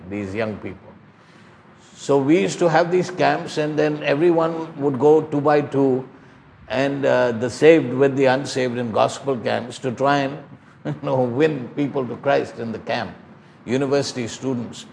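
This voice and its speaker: A man's voice: mid-range voice, gravelly, a little hiss or hum. An older man preaching a sermon, pleading and emphatic, telling stories to his listeners.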